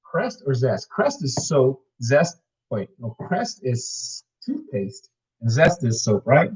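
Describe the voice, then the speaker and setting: A man hosting a home cooking video, talking viewers through each step in a relaxed, rambling way with playful wordplay. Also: medium pitch, slow pace, slightly rough, poor audio. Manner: chatty, rambling, plays with words. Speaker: cooking show host. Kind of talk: casual cooking demonstration.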